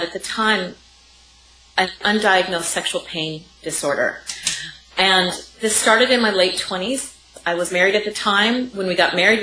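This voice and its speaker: A woman's voice: medium pitch, sharp tone. A woman in her forties, a guest coach, telling a personal story with vivid, piled-up phrases in an interview. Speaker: guest, sex and intimacy coach. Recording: roomy sound with faint background noise.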